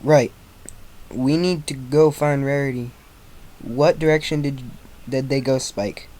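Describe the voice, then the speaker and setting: A man's voice: medium pitch, steady tone, measured pace, warm tone, close to an everyday voice. A man voicing a tough female pony with a put-on Southern US drawl. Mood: determined. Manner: drawling, fierce when angry. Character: cowgirl pony mare, tough and protective.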